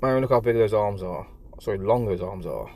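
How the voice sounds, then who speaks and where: Stammering English man, low-pitched voice. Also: brisk, a little mellow. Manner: stammering, repeats words, rambling and apologetic. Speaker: live stream host. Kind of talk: casual live stream chat.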